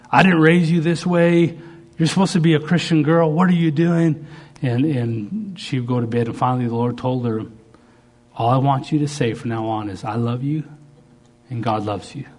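A middle-aged male pastor delivers a sermon, leaping into loud, high-pitched bursts as he acts out prayers before dropping back to a low voice.

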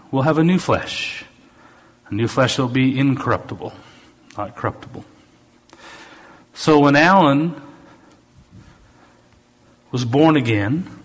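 A middle-aged to older man, whose accent blends Southern US with Canadian, preaches in a mid-range voice with a breathy edge. He reads scripture with loud emphasis, then slips into quick, quiet asides.

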